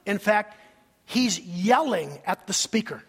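Man, pastor, slow animated sermon, echoing hall. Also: sits high, breathy edge. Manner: animated preaching with acted-out quotes. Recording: long hall reverb.

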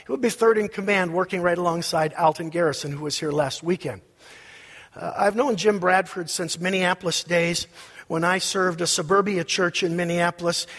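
Man, pastor, high voice, emphatic sermon delivery, long hall reverb. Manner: emphatic preaching, swinging between loud peaks and low asides.

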